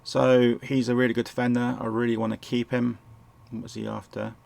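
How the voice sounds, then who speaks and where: A man with a sore throat and a croaky voice, rambling and correcting himself as he casually talks through a management game at home. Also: medium pitch, little pitch movement, a little fast, darkish tone. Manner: rambling, self-correcting, chuckles often. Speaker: gameplay commentator. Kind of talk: casual game walkthrough commentary. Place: home, indoors.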